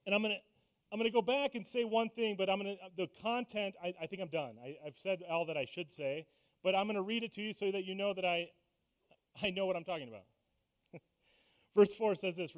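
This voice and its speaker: Pastor type, male, higher-pitched voice, casual preaching style with wry asides to the congregation. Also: a little fast, clean tone. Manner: conversational preaching with self-deprecating asides. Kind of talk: sermon. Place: church sanctuary.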